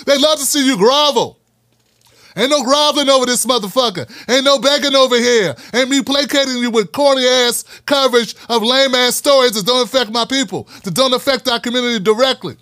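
Casting note: male show host with a very high voice, blunt and profane, hammering his points through repetition, dry close sound. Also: fairly quick, bright, forceful tone, no room sound. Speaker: political commentary host. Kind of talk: fiery direct-to-camera monologue.

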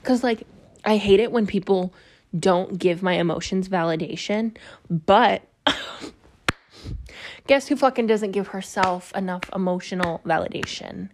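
A woman's voice: mid-range voice, unhurried, slight background noise. A young woman hosting a podcast, talking in a rambling, confessional way, full of swearing and "like" fillers. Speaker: podcast host. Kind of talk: casual confessional monologue.

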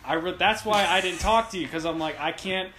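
A man co-hosting a podcast, reviewing a movie in casual, profane, animated chat. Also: high voice, brisk, a crowd in the background. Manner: profane, animated, laughing rants. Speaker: podcast co-host. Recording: echoey room with faint noise.

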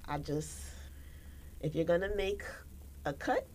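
Speaking slowly over slight background noise, this young American woman co-hosts a podcast, spinning stories in casual chat and animating quoted lines with sharp pitch leaps.

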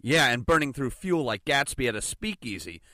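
An actor playing a sarcastic, wisecracking young American adventurer with an American accent. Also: male voice, medium pitch, sing-song, normal speed, bright, forceful tone, no room sound, clean studio sound. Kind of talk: audio drama acting.

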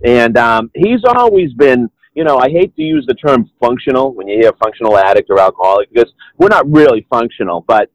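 A man's voice: medium pitch, sing-song, a little fast, few pauses, dry recording, rough recording. Rambling Boston-accented man. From Boston area, New England. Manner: rambling, many "you know"s and restarts. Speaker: podcast guest. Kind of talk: casual interview chat.

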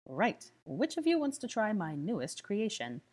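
A woman's voice: medium pitch, very animated, a little slow, darkish tone, voice pushed up. A woman reading aloud and voicing a flamboyant young man who mixes cocktails, playful and theatrical. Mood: playful showman.

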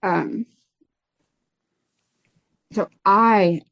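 A woman telling her personal story in an interview, halting and full of fillers and restarts. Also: medium pitch, gravelly, a bit bright, no echo. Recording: dull lo-fi sound.

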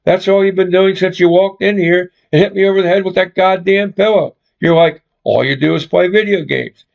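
A man's voice: high-pitched, moderate pace, vocal fry. A man voicing an evasive, condescending young man who talks in curt, dismissive lines, on a dull lo-fi recording. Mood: exasperated.

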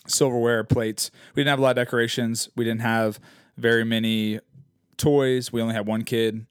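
Relaxed man in his twenties chatting. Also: medium pitch, moderate pace, smooth, dry recording, clean studio sound. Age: 20s. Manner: relaxed, rambling, chuckles often. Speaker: podcast co-host. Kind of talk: casual podcast chat.

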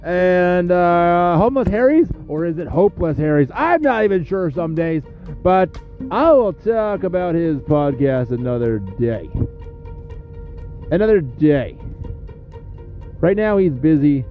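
Sniffling from a cold, this male podcast host rambles and swears through sarcastic, crude trash talk in a comedic monologue. He speaks in a high, sing-song, unhurried voice over soft background music, and the audio is dull.

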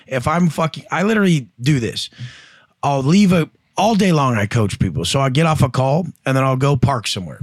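A man's voice: medium pitch, expressive, a little fast, no echo, clean studio sound. A man speaking as a guest entrepreneur and coach, telling blunt, profane stories and acting out the voices of the people in them. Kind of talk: casual interview storytelling.

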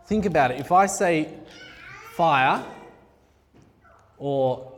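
In a large hall with long reverb, a man with a fairly high, animated voice preaches slowly. His sermon starts conversational and jokey, then turns heartfelt and intense.

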